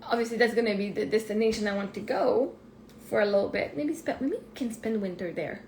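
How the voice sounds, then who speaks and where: A woman, a life coach rambling excitedly and thinking aloud in a casual live stream from her phone. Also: medium pitch, fairly quick, slight background noise. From Canada. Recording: roomy echo.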